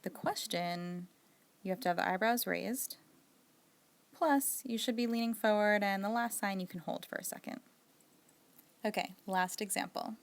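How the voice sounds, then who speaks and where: A woman teaching a casual video lesson, explaining patiently and giving spoken examples. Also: medium pitch. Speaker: sign language teacher.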